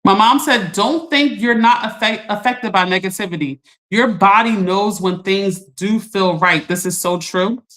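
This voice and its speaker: A woman's voice: medium pitch, measured pace, few pauses, fairly bright tone. Chatty laughing woman teasing her viewers. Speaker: livestream host. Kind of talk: casual livestream chat reading comments.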